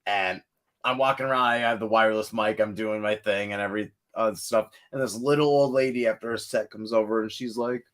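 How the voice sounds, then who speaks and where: A man's voice: lowish voice, a little fast. Rambling young man telling road stories. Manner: rambling storyteller, swears, animated outbursts. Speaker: metal band vocalist, guest. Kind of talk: casual podcast chat.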